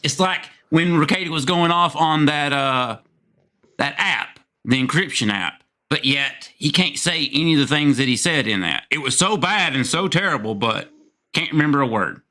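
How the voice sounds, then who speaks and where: A man's voice: a little high, animated, normal speed, pushed and bright. A man hosting a live call-in show, giving blunt and crude commentary.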